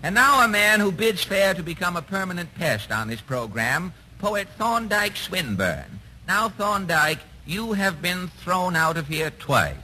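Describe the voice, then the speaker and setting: A man's voice: high voice, expressive, measured pace, few pauses, pushed and bright, low-quality recording. A man hosting a 1940s radio comedy interview, playing the dry, wry straight man. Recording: hissy old radio broadcast.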